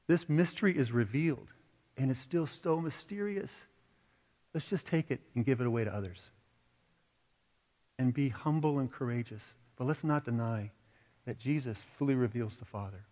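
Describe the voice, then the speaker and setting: A man's voice: medium pitch, darkish tone. A man preaching a sermon to his congregation, earnest and conversational, building to emphatic points. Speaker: pastor. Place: church sanctuary. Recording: dull recording with long hall reverb.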